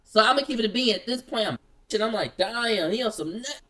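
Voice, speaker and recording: A man telling a story in casual chat, acting out the quoted lines in quick excited bursts. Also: high voice, recorded from a distance. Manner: acts out quoted dialogue, rapid excited bursts.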